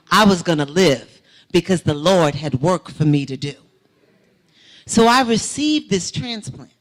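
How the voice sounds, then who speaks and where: A woman with a fairly low voice preaches her testimony as a guest speaker in a church sanctuary. Lively and full of movement, she carries the story along in rising, emphatic swells.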